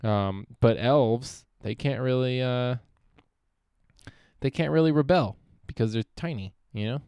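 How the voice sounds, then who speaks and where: Profane rambling young man, smooth dry voice. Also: medium pitch, a little slow, mellow, no room sound. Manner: profane, meandering, self-interrupting. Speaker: podcast host. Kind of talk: rambling solo podcast monologue.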